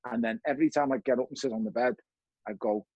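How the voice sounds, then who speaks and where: A man's voice: mid-range voice, fast talker, darkish tone, breathy edge, no echo, lo-fi sound. A man, a former boxer, telling his story as a guest with blunt, frequent swearing and acted-out dialogue. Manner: blunt, swears often, acts out remembered dialogue. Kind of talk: candid conversational storytelling.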